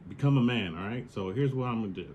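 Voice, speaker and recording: A man's voice: medium pitch, lively intonation, quick pace, darkish tone, slight background noise, close to an everyday voice. A man voicing a male God as an exasperated coach, blunt and slangy, giving a tough-love pep talk. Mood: bossy.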